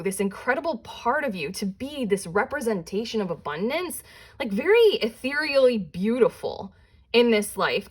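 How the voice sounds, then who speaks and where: A woman giving a casual pick-a-card tarot reading, talking in a loose, rambling way full of "like" fillers and restarts. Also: mid-range voice. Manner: chatty and rambling, with many "like" fillers and self-interruptions; breaks into quick giggles and playful put-on voices. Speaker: tarot reader.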